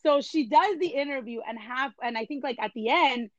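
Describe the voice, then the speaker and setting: A woman telling an animated story in a casual chat, switching between English and Spanish. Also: high voice, normal speed, no echo, poor audio. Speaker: entertainment journalist guest.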